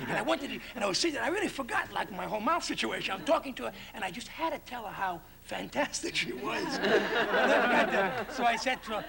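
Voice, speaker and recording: High, gravelly man telling a comic story. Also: a little fast. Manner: animated, keeps adding "see?". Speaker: comedian guest. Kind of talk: comic storytelling on a talk show. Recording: crowd noise from 1960s TV. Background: studio audience laughing.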